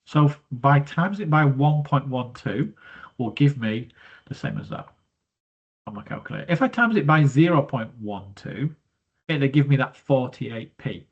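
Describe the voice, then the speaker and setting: A man's voice: mid-range voice, big pitch swings, moderate pace, breathy edge. A man teaching maths, talking through a worked exam question step by step in a chatty, thinking-aloud way, stuffy and breathing through his mouth from hay fever. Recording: dull lo-fi recording.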